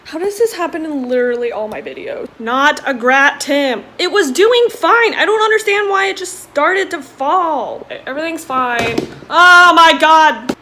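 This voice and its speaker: A woman's voice: high voice, expressive, moderate pace, hardly any pauses, a bit bright, slight background noise. A young woman in college filming a casual cooking vlog, chatty and self-deprecating, often exasperated at her own mishaps. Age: young adult. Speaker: college student vlogger. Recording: echoey room with clattering dishes.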